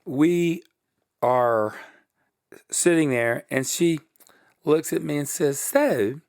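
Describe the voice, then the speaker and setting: A middle-aged Southern man tells stories as an interview guest. His voice has a gravelly edge, and his delivery is animated, swinging up and down in pitch and breaking into laughs. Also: slow, pauses often. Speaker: guest, production company head. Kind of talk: storytelling interview.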